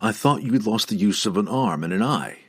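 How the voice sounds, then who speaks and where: A proud male dark elf swordsman speaks with smug, unhurried calm, voiced by a man narrating the book. His voice is deep and slightly husky, steady and controlled. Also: exaggerated voice.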